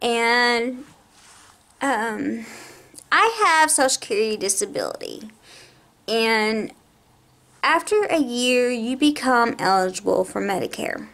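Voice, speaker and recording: A woman ranting to camera, her voice raised and exasperated as she tells her story. Her pitch sits a little high and swings widely. She talks slowly and deliberately, leaning on each point. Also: lively intonation, fairly bright tone. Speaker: vlogger. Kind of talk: angry personal rant to camera.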